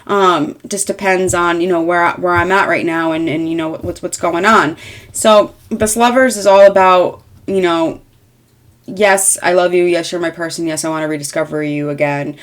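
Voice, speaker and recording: Rambling woman in her thirties, lowish voice. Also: fairly even intonation, normal speed. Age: 30s. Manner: rambling, frank, peppered with fillers and mild swearing. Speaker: tarot reader. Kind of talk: casual tarot reading.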